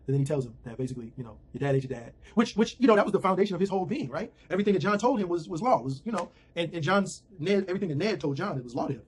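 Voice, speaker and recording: A man's voice: on the high side, expressive, racing, hardly any pauses, darkish tone, a little hiss or hum. A man giving a slangy, rambling casual recap of a TV episode from home. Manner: slangy, rambling retelling with fillers.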